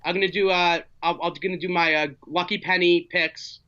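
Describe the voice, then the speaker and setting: A man hosting a casual sports talk show, playful and halting, with many fillers. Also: high voice, little pitch movement, bright, forceful tone, clean tone, highs cut off. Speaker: host.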